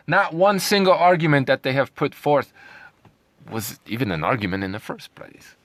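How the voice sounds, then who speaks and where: A man's voice: mid-range voice, sing-song, moderate pace, a bit bright, no echo. A man ranting in a sarcastic, heated way, reading out news lines and mocking them with scornful laughs. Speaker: commentary vlogger.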